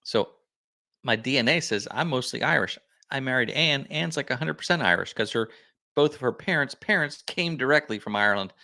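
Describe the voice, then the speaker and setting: A man's voice: mid-range voice, lively intonation, fairly quick, gravelly, sharp tone. A man hosting a casual livestream, rambling and correcting himself as he chats with viewers. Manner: rambling, self-correcting, chatty. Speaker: livestream host.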